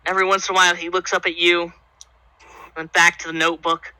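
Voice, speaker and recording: A man's voice: high voice, flat delivery, quick pace, pushed and bright, clean tone, no room sound, poor audio. A man narrating a tabletop game as game master, with many fillers in a loose storytelling way.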